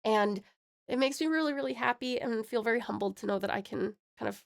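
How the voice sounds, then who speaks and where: A woman's voice: on the high side, a little fast, gravelly. A young woman with an American accent streaming live, chatting with viewers in a bubbly, affectionate, giggly way and calling them pet names, from a home desk mic. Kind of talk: casual live-stream chat.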